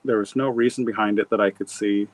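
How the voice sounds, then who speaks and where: Speaking fast in a fairly low, steady voice, an author from Montana in middle age recounts his story as an interview guest. He rambles and reflects, often restarting and using fillers. The audio is poor but has no echo.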